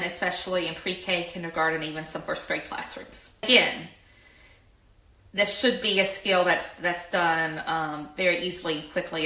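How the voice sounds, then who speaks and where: A middle-aged woman explaining reading skills in a lesson, slow and clear, and she stresses each example word. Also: on the low side, pushed and bright. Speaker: educator. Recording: echoey room.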